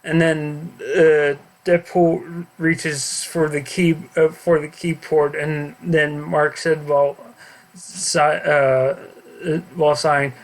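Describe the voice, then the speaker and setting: A man with a slightly high voice reads out his own homemade story over gameplay. He reads haltingly, tripping over words and restarting as he goes. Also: level tone. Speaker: narrator.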